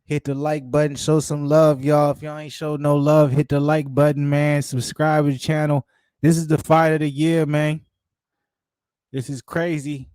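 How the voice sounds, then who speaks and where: A man's voice: fairly high pitch, level tone, moderate pace, darkish tone, clean tone, dry recording. A man hosting a live fight watch-along, talking in a hyped, slangy way and repeating his exclamations. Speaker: channel host.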